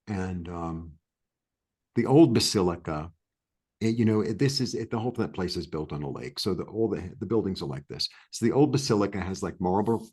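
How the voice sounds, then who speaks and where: Guesting on an interview, a man from New York tells a story in a rambling, animated style full of restarts and fillers. His deep voice has a breathy edge, and the talk is casual storytelling chat.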